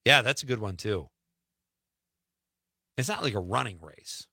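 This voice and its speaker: A man's voice: on the low side, lively intonation, a little slow, creaky, sharp tone, husky, no room sound, clean studio sound. A man hosting a radio show, chatting casually and reading listener texts aloud with easy laughs. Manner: chatty, laughs easily, drifts between lines. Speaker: radio host.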